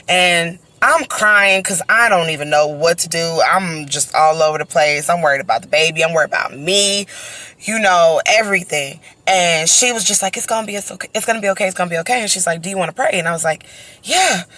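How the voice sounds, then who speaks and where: A young woman, chatty and animated, tells a story into her phone while walking outdoors. Her voice is bright and forward. The sound is close and dry. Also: lowish voice, dry recording. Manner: animated, conversational, heavy use of fillers like "you know" and "right?". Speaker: vlogger telling her birth story. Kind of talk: casual storytime monologue. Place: outdoors, on a walk.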